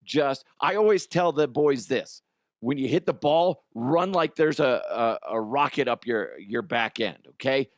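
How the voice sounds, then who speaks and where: A middle-aged man and show host telling a story in an animated way, jumping from loud outbursts to quiet asides. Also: medium pitch, a little slow, dry recording, clean studio sound. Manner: excitable, swings from loud shouts to quiet asides.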